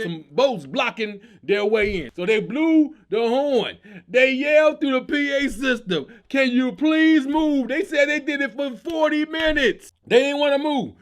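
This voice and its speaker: Male comic host, high voice, animated storyteller who plays every part and goes loud at the peaks. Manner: animated storytelling, acting out quotes, shouting at peaks. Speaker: comedian host. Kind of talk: energetic stand-up style commentary.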